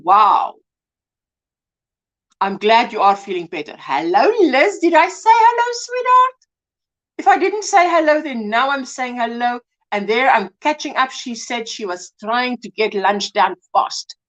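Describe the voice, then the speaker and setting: A woman's voice: on the high side, a bit bright, dull audio. A South African woman hosting a crochet livestream, chatting casually, greeting viewers by name and calling them sweetheart. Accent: South African English. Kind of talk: casual live chat reading comments.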